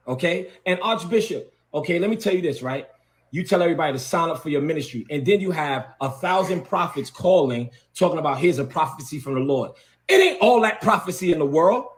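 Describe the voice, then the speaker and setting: High, animated man ranting confrontationally. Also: a little fast. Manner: confrontational, repeats words for emphasis. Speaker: bishop. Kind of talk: heated video rant.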